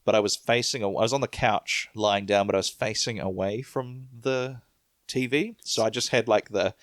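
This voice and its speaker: A New man in his thirties hosts a casual podcast chat with a low-pitched voice. He rambles through stories and breaks into laughter often. The sound is dry and close, with no room behind it. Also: normal speed, no room sound. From New Zealand. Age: 30s. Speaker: podcast host.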